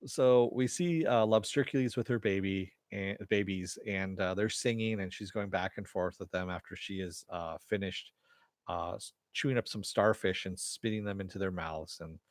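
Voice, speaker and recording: A man's voice: low voice, moderate pace, dry recording, clean studio sound. A man giving a casual, rambling recap of a TV episode, with lots of fillers and the odd chuckle. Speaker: TV episode reviewer.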